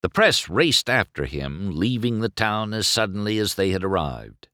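A man reading a children's storybook aloud in an expressive, unhurried way. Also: on the low side, no echo, studio quality. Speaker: storybook narrator.

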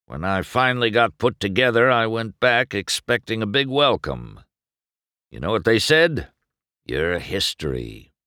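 A man voicing a gruff, bitter older male race car who grumbles in a stern, weary way. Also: lowish voice, very animated, measured pace, sharp tone, no room sound, studio quality, full character voice.

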